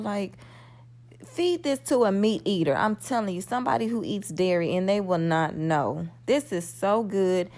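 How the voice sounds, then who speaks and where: A woman's voice: medium pitch, expressive, unhurried, a little mellow. Chatty woman hosting a cooking video. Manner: chatty, folksy, addresses viewers as y'all. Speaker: cooking channel host. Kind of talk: casual cooking tutorial.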